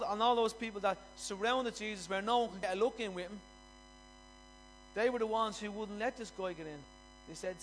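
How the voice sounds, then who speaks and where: A man's voice: sits high, poor audio. A man preaching a sermon in a church, impassioned and repetitive, often building up to a raised voice.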